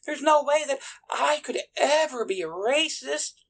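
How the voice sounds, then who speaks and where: A man's voice: very high-pitched, animated, measured pace, vocal fry, fairly bright tone, pitched above the performer's own voice, heavily acted. A man mocking a smug, whiny protester. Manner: whiny, sing-song mockery. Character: smug self-satisfied protester, mocked.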